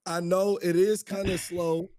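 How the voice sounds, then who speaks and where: A man in his thirties calling in over a voice chat, hoarse from yelling, friendly and slangy. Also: sits high, flat delivery, a little slow, a crowd in the background. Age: 30s. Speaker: caller. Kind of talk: casual chat. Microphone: voice call.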